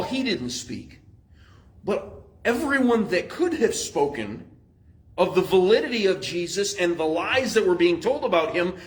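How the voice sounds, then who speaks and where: A man's voice: high voice, rough recording. A man pastor, teaching a Bible study in a conversational, explanatory way with frequent fillers.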